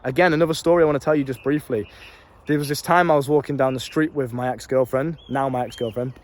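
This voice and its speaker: Medium-pitched and steady, this fast-talking young life coach with a British accent spins casual stories to camera. He's brash, swears freely, drops street slang, and laughs at his own tales.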